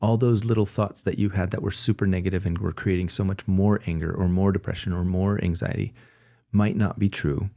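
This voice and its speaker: A man's voice: low voice, steady tone, fairly quick, vocal fry, warm tone. A man being interviewed, talking candidly and reflectively, often restarting his sentences with little laughs. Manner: earnest, reflective, with frequent self-corrections and little laughs. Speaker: guest.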